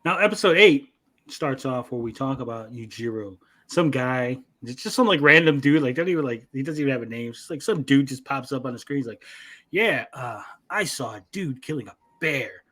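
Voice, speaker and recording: A man co-hosting a casual anime review, with an ordinary mid-range voice. He retells scenes in an animated, profane way, slipping into quick mock voices for the characters. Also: mid-range voice. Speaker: podcast co-host.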